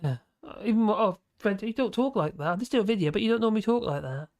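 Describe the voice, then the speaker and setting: A chatty host talks through viewer comments on a livestream, wandering off track and restarting sentences. The voice sits at a middle pitch. It is recorded close and dry, with no room sound. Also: expressive, fast, a little mellow, no echo. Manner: rambling, chatty, full of restarts and fillers; laughs often between remarks. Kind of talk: casual livestream chat, reading viewer comments.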